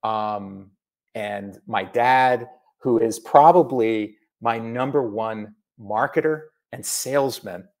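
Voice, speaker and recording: A middle-aged man from Massachusetts, an author chatting in an interview, animated and full of asides. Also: mid-range voice, takes it slowly, gravelly. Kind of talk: casual video interview.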